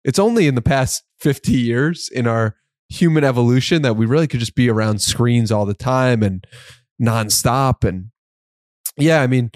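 A man's voice: medium pitch, moderate pace, darkish tone, dry recording, clean studio sound. A man hosting a podcast, talking in an easygoing, casual way and laughing often. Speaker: podcast host.

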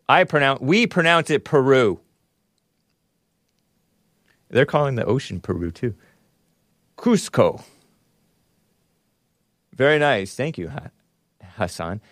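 A man's voice: mid-range voice, fairly bright tone, no echo, clean studio sound. A man hosting a call-in talk show, rambling and musing aloud while he laughs at his own remarks. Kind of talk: casual call-in show chat.

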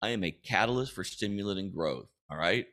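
Guy with a lowish voice doing a faith podcast, punchy and emphatic, keeps saying all right?. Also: animated, brisk, a bit bright. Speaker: podcast host. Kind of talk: faith-based personal coaching monologue.

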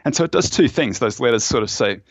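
Animated and quick, a mid-range male voice comes through a muffled, echo-free recording. The speaker, an author and fund manager guesting on a podcast, explains things at length and tells stories, often using fillers and restarting sentences.

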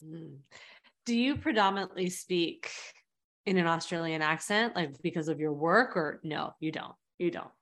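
A woman's voice: fairly low pitch, moderate pace, fairly bright tone. A middle-aged woman hosting an interview, asking curious and reflective questions. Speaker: podcast host. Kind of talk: interview conversation.

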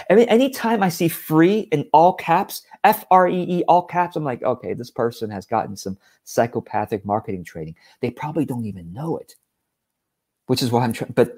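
A man's voice: medium pitch, darkish tone. A man giving a direct-to-camera business talk in a blunt, exasperated, emphatic manner. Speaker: business coach.

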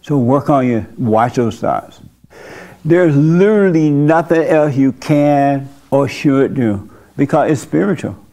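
A man's voice: medium pitch, lively intonation, slow, mellow. A male pastor speaking to his congregation in a loose, conversational way. His delivery is blunt and folksy, full of casual asides and direct questions to the room. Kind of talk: informal church talk with congregation.

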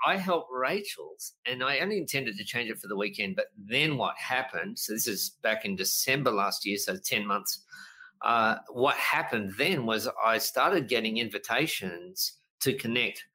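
A middle-aged business coach in a casual podcast interview, telling stories in an animated way and acting out quotes. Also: male voice, mid-range voice, measured pace, poor audio. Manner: animated storyteller, lively voices for quotes, frequent laughs.

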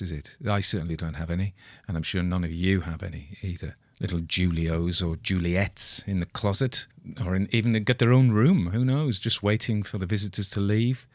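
A man's voice: low-pitched, no echo, studio quality. A middle-aged man, chatting in a rambling, wry, self-deprecating way about a story he has read. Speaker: audiobook reader commenting on a story. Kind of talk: rambling casual commentary.

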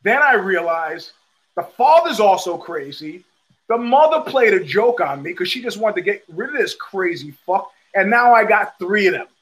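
A man's voice: high voice, very animated, moderate pace, a bit bright, poor audio. A middle-aged man hosting a show, telling a long profane story and acting out the people in it. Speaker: host. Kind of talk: storytelling monologue.

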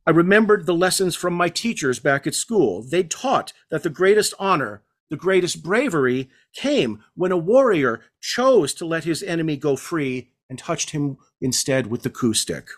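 A male author reading his novel aloud as measured, hard-edged first-person narration. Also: on the high side, animated.

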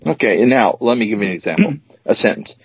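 Teasing guy co-hosting a chat show, low husky voice that swings around a lot, dull dry lo-fi sound. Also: lively intonation, no echo. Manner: teasing, reads definitions out slowly. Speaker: co-host. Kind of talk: casual chat.

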